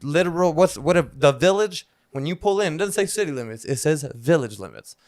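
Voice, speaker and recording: A man's voice: a little high, lively intonation, fairly quick, darkish tone, no room sound, studio quality. A man co-hosting a podcast, telling a rambling, profane story in casual chat. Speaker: podcast co-host.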